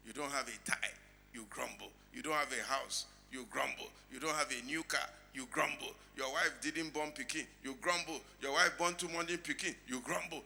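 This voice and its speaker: A middle-aged Nigerian man preaching a sermon as pastor, dropping to quiet asides and then shouting lines out. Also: normal speed, vocal fry. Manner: animated preaching, swinging between low asides and shouted lines.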